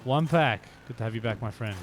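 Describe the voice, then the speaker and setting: Male streamer, mid pitch, chatty and self-mocking, faint game noise behind. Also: brisk. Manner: chatty, self-deprecating, bursts into shouts. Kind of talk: live stream commentary.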